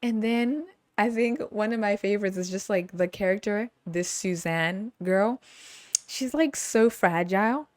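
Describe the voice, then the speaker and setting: A woman hosting a podcast, chatting casually about a movie, animated and laughing often. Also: medium pitch, measured pace, dry recording. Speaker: podcast host. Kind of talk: casual movie review chat.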